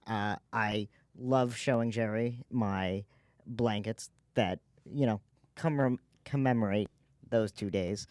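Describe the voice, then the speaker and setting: A man from New Jersey, a guest on a sports podcast, joking about himself in a deadpan way. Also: fairly low pitch, dry recording. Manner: deadpan self-mocking. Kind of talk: casual chat.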